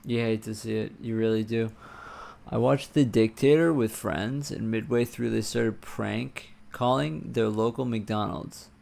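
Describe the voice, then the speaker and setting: Streamer guy, gravelly voice, slow drawl, mutters and swears over keyboard clatter. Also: lowish voice. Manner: muttering to himself, swearing, excitable bursts. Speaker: livestreamer coding a game. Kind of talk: casual live-coding stream talk.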